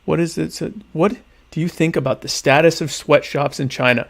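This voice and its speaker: A young adult man hosting a podcast, answering listener questions in a deadpan, ironic, rambling way while eating dinner. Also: on the high side, fairly quick, gravelly. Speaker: podcast host. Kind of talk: casual solo chat answering listener questions.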